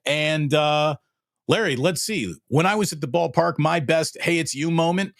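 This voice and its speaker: A man co-hosting a casual sports talk show, wry, with low drawled punchlines. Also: moderate pace, gravelly, dry recording, clean studio sound. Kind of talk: casual sports podcast chat.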